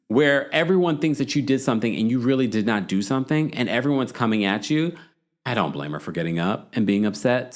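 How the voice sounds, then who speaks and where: A man hosting a reality TV recap podcast, telling the story in an animated, gossipy way and checking in with "okay?" asides. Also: mid-range voice. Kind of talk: casual chatty recap.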